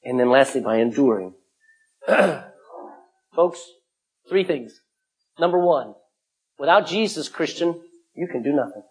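A middle-aged male pastor preaching a sermon, emphatic, swinging from loud calls to hushed asides. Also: a little high, animated, takes it slowly, long pauses, husky.

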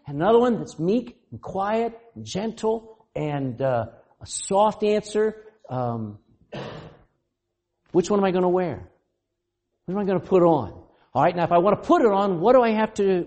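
A male pastor preaching a sermon, asking the congregation questions, laughing often and acting out quoted voices. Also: high voice. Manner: animated, asks the congregation questions.

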